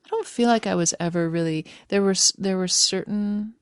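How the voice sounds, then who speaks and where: A woman musician guest talking about her career in a casual interview, halting and restarting often, with dry humor. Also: medium pitch, clear, resonant tone, no room sound.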